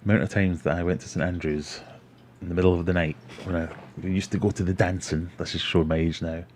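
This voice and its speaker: A man's voice: low-pitched, steady tone, quick pace, a little mellow, slight background noise. A middle-aged Scottish man hosting a casual livestream, rambling chattily and reading out viewer comments. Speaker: livestream host. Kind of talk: casual live-stream chat.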